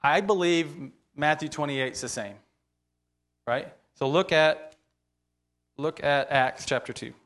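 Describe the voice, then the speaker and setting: A man's voice: fairly high pitch, takes it slowly, pauses often, a bit bright. A man teaching from the Bible to a church group in an informal, conversational way, often checking in with "right?" and speaking earnestly and openly about his feelings.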